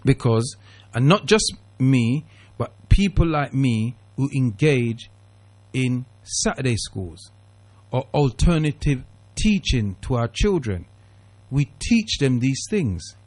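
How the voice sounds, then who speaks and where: A man hosting a radio phone-in, cutting in to calm his caller and then explaining at length. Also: medium pitch, slow. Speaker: radio talk show host.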